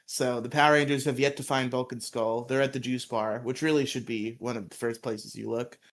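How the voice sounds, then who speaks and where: A man in a casual podcast recap, his voice sitting in an ordinary middle pitch. He tells the story loosely and chuckles often along the way. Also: fairly even intonation, normal speed, slight background noise. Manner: laughs often, quotes characters in put-on voices. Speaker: podcast co-host.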